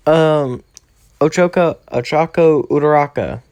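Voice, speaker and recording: A man's voice: a little high, unhurried, a little mellow, dry recording, voice pushed up, close to an everyday voice. A man voicing a cheerful, curious teenage schoolgirl who stumbles over her words. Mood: eager.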